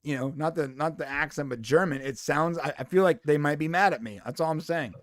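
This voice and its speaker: A man's voice: a little high, a little fast, no room sound, clean studio sound. A man co-hosting a casual podcast chat, playful and rambling, laughing often. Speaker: podcast co-host.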